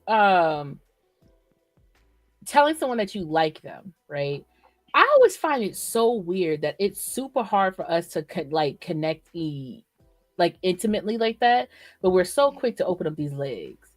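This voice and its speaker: A woman's voice: medium pitch, dry recording, soft background music. A female podcast co-host in casual chat, talking frankly and reacting with feeling. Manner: frank, expressive, quick to react.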